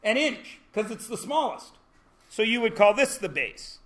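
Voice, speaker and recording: A man's voice: high voice, sing-song, moderate pace, a bit bright. A man teaching a classroom lesson, joking and quizzing his students as he goes. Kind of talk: classroom lecture.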